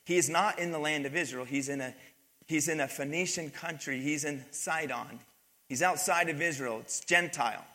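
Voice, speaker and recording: A man's voice: a little high, normal speed, bright, forceful tone. A male pastor delivering a sermon, reading scripture and explaining it emphatically, with call-outs to the congregation. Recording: long hall reverb.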